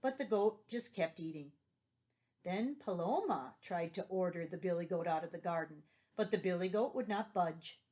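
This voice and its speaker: A woman's voice: lowish voice, moderate pace, dark tone. A woman teacher reading a children's story aloud and patiently explaining vocabulary and asking questions. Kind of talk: read-aloud vocabulary lesson.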